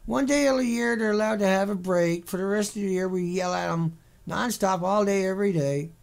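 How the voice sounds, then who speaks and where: A man's voice: high-pitched, brisk, gravelly. A man giving sarcastic, ranting commentary on a series of pictures, mocking and repetitive in his delivery. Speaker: video commentator.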